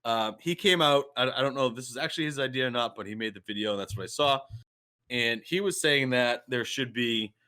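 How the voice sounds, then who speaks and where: Animated man with a bright voice. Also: mid-range voice, a little fast, clear, resonant tone. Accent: Boston. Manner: animated, rambling, repeats words. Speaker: podcast co-host. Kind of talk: casual chat.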